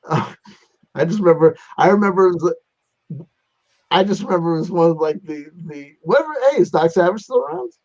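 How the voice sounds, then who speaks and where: Guy hosting a livestream, kinda high voice, rambly and laughy, dull dry audio. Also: animated, normal speed, long pauses, darkish tone, dry recording. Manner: laughing, rambling, sentimental sign-off. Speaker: livestream host. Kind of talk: casual livestream chat.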